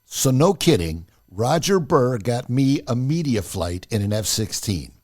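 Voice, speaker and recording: A man's voice: mid-range voice, measured pace. A man hosting a podcast, telling a personal story in a casual way and acting out the dialogue as he goes. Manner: animated, acts out the dialogue. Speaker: podcast host.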